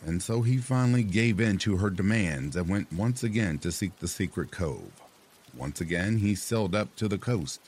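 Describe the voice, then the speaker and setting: Male narrator, very deep voice, husky, lively intonation, scripted storybook reading. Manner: measured, expressive reading.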